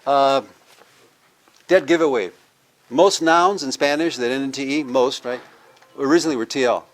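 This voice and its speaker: A man's voice: mid-range voice, moderate pace. A man, a university professor, giving a live language lecture, explaining step by step and having the audience repeat words after him. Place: cultural center with a live audience.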